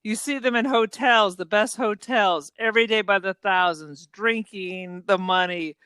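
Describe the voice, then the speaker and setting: A woman's voice: medium pitch, unhurried, pushed and bright, clean tone, no room sound. A woman reading aloud as a cold, misogynist middle-aged uncle delivering a long, contemptuous monologue.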